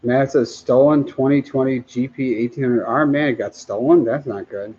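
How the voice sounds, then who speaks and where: A man hosting a casual livestream, reading viewer comments aloud in a relaxed way, often laughing and trailing off mid-sentence. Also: mid-range voice, moderate pace, breathy edge, muffled recording.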